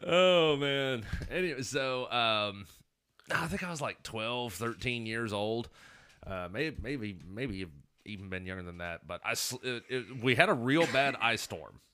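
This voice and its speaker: A man's voice: mid-range voice, expressive, measured pace, bright, forceful tone, smooth. A man hosting a podcast, telling stories in rambling, profane casual chat and laughing often. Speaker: podcast host.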